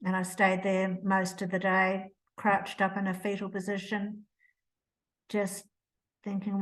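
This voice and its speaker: Slow-spoken older New woman. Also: mid-range voice, completely flat delivery, poor audio. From New Zealand. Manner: slow, reflective, emotional retelling with restarts. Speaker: author, interview guest. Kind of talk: personal storytelling.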